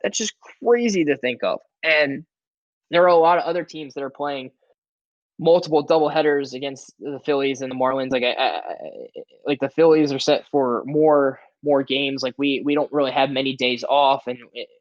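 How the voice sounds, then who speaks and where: Steady in tone and mid-range in pitch, this sports podcast co-host speaks at a moderate pace on a muffled recording with no echo. His talk is rambling and casual, heavy on fillers, frequent "like"s, and restarts.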